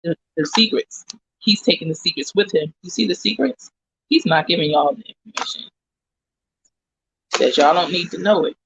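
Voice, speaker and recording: A man giving a casual tarot reading, halting and repeating words as he talks to viewers. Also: sits high, creaky, fairly bright tone, slightly rough, no echo. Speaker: tarot reader in a played clip. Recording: dull lo-fi dry clip.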